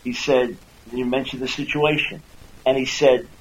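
A Christian apologist hosting a radio talk show speaks at normal speed in a mid-range voice with little pitch movement, on poor audio with a little hiss or hum. He earnestly teaches, repeats words to build each point, and raises his voice to act out quotations.

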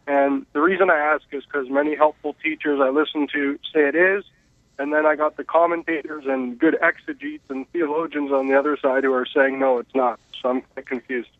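A man's voice: on the high side, steady tone, a little fast, dry recording. Polite male caller on a tinny phone line. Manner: polite, slightly hesitant. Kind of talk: call-in question on radio.

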